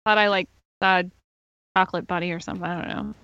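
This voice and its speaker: A woman's voice: fairly low pitch, steady tone, fast, sharp tone, clear, resonant tone, highs cut off. A woman playing a tabletop game who talks in an offhand, drawling way. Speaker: player. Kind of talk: casual tabletop game play.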